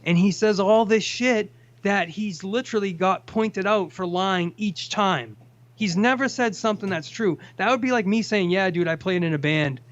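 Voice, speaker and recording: A man's voice: high-pitched, normal speed, fairly bright tone. A man hosting a casual call-in chat, ranting with plenty of profanity. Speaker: host. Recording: dull lo-fi sound.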